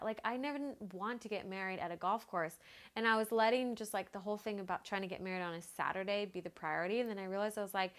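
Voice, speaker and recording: A woman's voice: mid-range voice, quick pace. Chatty woman telling a vlog story. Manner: chatty, animated, lots of "like" fillers and acted-out quotes. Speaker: fitness vlogger.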